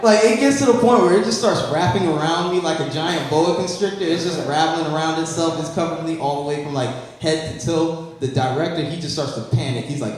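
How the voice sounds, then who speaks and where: A man's voice: on the high side, fairly quick, few pauses. A man doing a brash, self-mocking stand-up set on a handheld mic at a comedy bar, riffing with the crowd. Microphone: handheld stage mic. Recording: echoey club, live mic.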